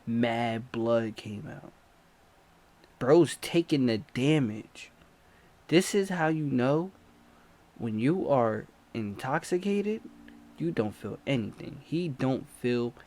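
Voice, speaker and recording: Male storyteller, casual storytime vlog, slow delivery, sudden loud yells and sound effects. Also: medium pitch, lively intonation. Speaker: storyteller, channel host.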